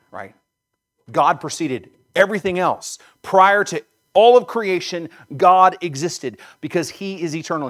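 Emphatic male preacher. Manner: emphatic, rising to loud stresses then dropping low. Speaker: pastor. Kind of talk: sermon.

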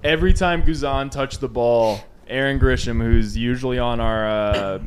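A man's voice: mid-range voice, moderate pace, a little hiss or hum. Rambling man chatting on a podcast. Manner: rambling, many restarts and fillers. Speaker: podcast host. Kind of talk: casual podcast chat.

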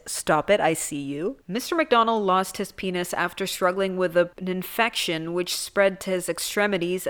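A young woman hosting a podcast, reading a news story in a comedic, sarcastic way with swearing and jokey asides. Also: lowish voice. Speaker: podcast host.

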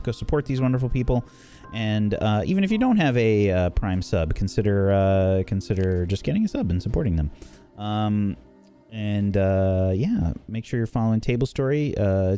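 A man hosting a tabletop role-play stream, doing shout-outs in a casual, halting way full of ums and uhs. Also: on the low side. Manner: halting, filler-heavy delivery. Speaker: game master and show host.

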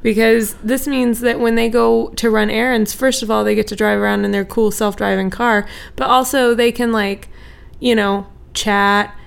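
A chatty woman spinning an improvised comic story on a podcast. Her voice runs a bit high with plenty of gravelly vocal fry. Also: fairly even intonation, normal speed. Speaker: podcast co-host.

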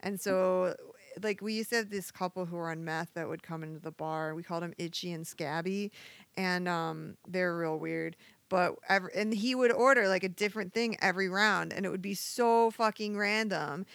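A woman's voice: fairly low pitch, moderate pace, vocal fry, fairly bright tone, dry recording. A woman in her thirties who works as a bartender, telling candid, profane stories in a casual podcast chat.

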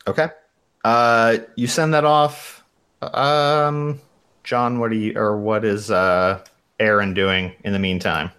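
A man narrating as game master of a tabletop role-playing session in a relaxed, easygoing way. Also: on the low side, slow, clear, resonant tone.

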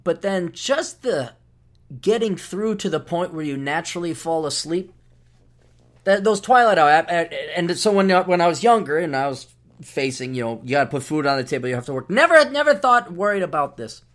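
A man's voice: a little high, animated, moderate pace, a bit bright. A middle-aged man hosting a podcast, talking in a rambling, sardonic solo monologue with frequent restarts. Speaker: podcast host.

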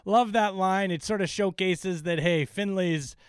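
A man's voice: sits high, unhurried, clear, resonant tone, no room sound, clean studio sound. A man co-hosting a casual TV recap podcast, enthusiastic and profane, with many ums and uhs. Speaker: podcast co-host.

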